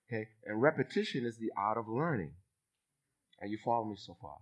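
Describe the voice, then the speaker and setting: A man in his fifties from Boston, preaching a sermon as a bishop with lively delivery and call-and-response to his congregation. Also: on the low side, brisk, lo-fi sound. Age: 50s. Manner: animated preacher, acts out voices, calls for response from the congregation.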